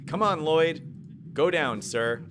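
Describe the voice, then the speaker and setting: A man streaming a mobile game live, commentating playfully and excitably while answering his chat. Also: fairly high pitch, slow pace, noisy background. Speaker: gaming streamer. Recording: game music behind voice.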